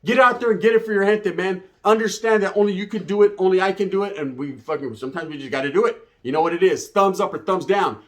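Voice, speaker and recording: A man's voice: high voice, fast talker, few pauses. A man telling a rambling, profane hood story full of slang. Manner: rambling, swearing, slang-heavy. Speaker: comedic storyteller.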